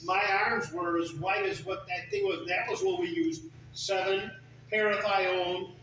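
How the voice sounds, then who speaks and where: An older man in his seventies swaps lively farm anecdotes in a relaxed group chat. His voice sits high and sounds bright, and it is picked up from a distance. The room is very echoey, with a faint hiss behind him. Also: a little slow. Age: 70s. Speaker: group member. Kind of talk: casual storytelling. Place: community center meeting room.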